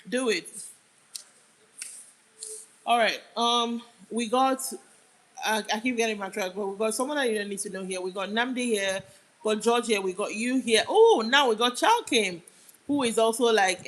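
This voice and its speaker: A young Nigerian woman with a Nigerian accent hosts a casual livestream, chatting and answering viewer comments aloud, sometimes drifting off mid-sentence. Her voice is a little high and a bit bright at normal speed, on a rough recording.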